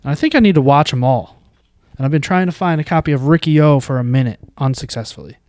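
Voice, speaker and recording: A man's voice: fairly high pitch, fast talker, a little mellow, no room sound, studio quality. A man co-hosting a podcast, enthusiastically talking through a movie in casual chat. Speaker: podcast co-host.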